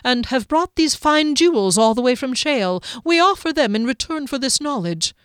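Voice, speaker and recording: A woman's voice: high voice, expressive, moderate pace, clean tone, dry recording, clean studio sound, voice pushed up. A woman voicing a formal, courteous male envoy.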